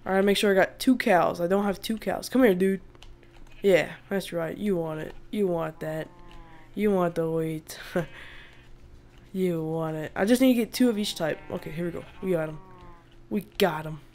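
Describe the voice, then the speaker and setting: A woman's voice: lowish voice, moderate pace, darkish tone. Chatty woman narrating a survival game. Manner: chatty, laughs often, exasperated outbursts at animals. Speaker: gaming video host. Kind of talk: casual let's-play commentary.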